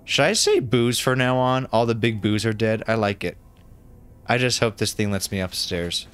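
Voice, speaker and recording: A man streaming a fantasy game, commenting casually in a goofy, excitable, playful way. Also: fairly low pitch, normal speed, smooth. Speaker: gaming streamer. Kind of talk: casual let's-play commentary.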